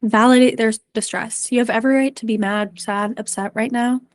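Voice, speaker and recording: A woman mental performance coach giving a presentation to parents and coaches, earnest and gently encouraging with frequent ums. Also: on the high side, steady tone, fairly quick, no room sound.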